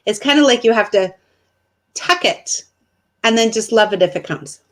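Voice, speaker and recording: A woman's voice: fairly high pitch, animated, normal speed. A woman co-hosting a live online chat, upbeat and enthusiastic with casual slang. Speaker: co-host.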